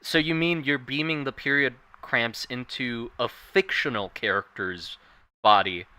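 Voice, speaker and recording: A man streaming casually while drawing, rambling and animated, swearing freely. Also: mid-range voice, a little slow. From Thailand.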